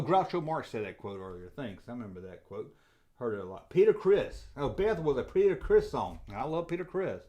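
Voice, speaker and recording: Lively middle-aged Southern man. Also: sits high. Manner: rambling, jokey, gets loudly excited. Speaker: toy collector channel host. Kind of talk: casual livestream chat, reading viewer comments.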